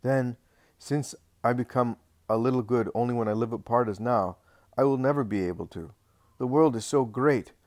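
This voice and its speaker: A man's voice: mid-range voice, normal speed, a little mellow, dry recording, clean studio sound, close to an everyday voice. A man reading the lines of Peter, an earnest and anxious male disciple, in a religious audiobook. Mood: earnest, worried.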